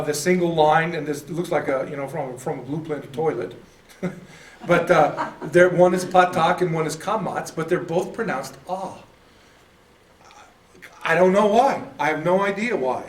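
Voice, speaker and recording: A man teaching a casual church class, chatty and self-deprecating, often laughing at himself. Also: on the high side. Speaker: Bible study teacher. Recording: echoey room, mic at a distance.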